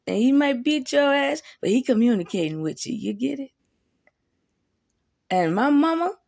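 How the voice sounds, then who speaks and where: A woman's voice: sits high, gravelly, darkish tone, no room sound, clean studio sound. A woman giving a candid, reflective monologue to camera, blunt and full of profanity. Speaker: vlogger.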